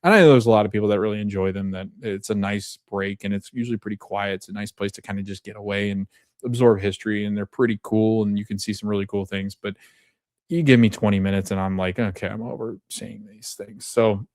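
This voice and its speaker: Low-voiced casual male podcast host. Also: fast, dry recording, studio quality. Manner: chatty and animated, many fillers, laughs often. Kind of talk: casual TV episode recap.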